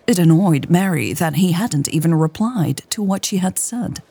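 A woman narrating a romance story in a slow, soft-spoken reading. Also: fairly low pitch, expressive, vocal fry, slightly rough. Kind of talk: audiobook-style story narration.

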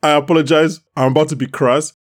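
A man from Nigeria hosting a casual recap podcast, ranting in an animated way and laughing often. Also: a little high, quick pace. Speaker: podcast host. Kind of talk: casual chat, TV episode recap.

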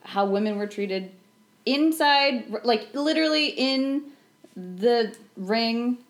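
A woman co-hosting a casual movie podcast, giving thoughtful, measured analysis. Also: fairly high pitch, expressive. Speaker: podcast co-host.

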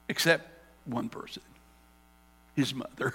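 A male pastor preaching a sermon, telling the story dramatically and swinging between loud and hushed. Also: a little high, lively intonation, normal speed, creaky, in a large hall. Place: church sanctuary.

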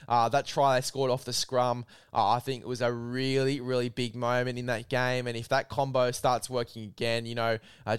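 Male host, matey and upbeat, smooth voice, dry close mic. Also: mid-range voice, dry recording. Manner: matey, hypes bets and sponsor with filler "mate". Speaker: podcast host. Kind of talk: casual sports chat.

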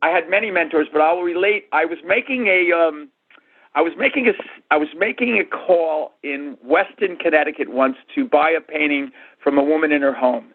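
Man in his sixties, husky, lively storyteller, phone-quality sound. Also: fairly high pitch, normal speed. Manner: animated storyteller, acts out quotes. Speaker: guest, art and antique dealer. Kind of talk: storytelling interview answers. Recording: tinny phone-line audio.

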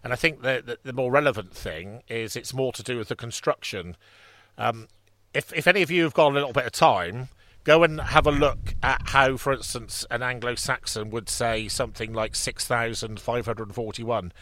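Rambling bright-voiced man on a podcast. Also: medium pitch, normal speed. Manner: rambling, many restarts and fillers. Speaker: podcast co-host. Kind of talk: casual history chat.

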